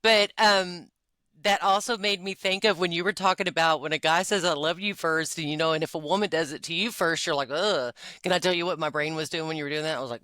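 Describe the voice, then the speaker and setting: Woman in her 40s, confessional podcast co-host, crisp bright tone, dry close mic. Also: low-pitched, normal speed, no room sound. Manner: emotional, confessional, with frequent fillers and laughs. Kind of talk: candid personal conversation.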